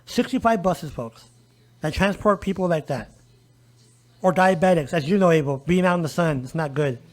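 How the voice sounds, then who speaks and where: A man's voice: fairly high pitch, normal speed. A man speaking as a guest advocate in a conversational podcast interview, emphatic and often turning to listeners with "folks" and "okay?". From El Paso area, US.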